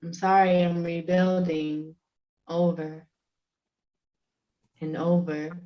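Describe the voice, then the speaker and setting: A woman performing spoken word poetry over a video call, with a measured, rhythmic delivery. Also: fairly low pitch, little pitch movement. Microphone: video call with choppy connection. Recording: dull lo-fi call audio.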